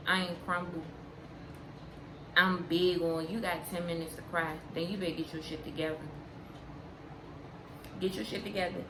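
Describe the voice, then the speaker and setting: A young woman talks frankly to her viewers in an easy, unhurried way, leaning on repetition to drive her points home. Her voice sits a little low. The sound is roomy, with a clear steady noise behind her. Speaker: vlogger. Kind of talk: candid casual chat to camera.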